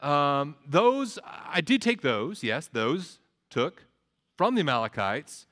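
A man's voice: a little high, big pitch swings, slow pace, a bit bright, heavily acted. A man preaching a sermon, voicing a self-satisfied king who is cheerfully evasive. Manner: breezy, overly pleased, evasive.

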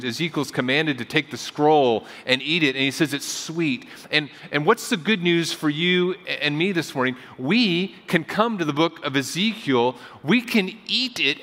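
Male pastor, slightly higher-pitched voice, casual storytelling sermon, echoing church sanctuary. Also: expressive, moderate pace, few pauses, bright, forceful tone. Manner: conversational storytelling preaching, repeats phrases for emphasis. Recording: long hall reverb.

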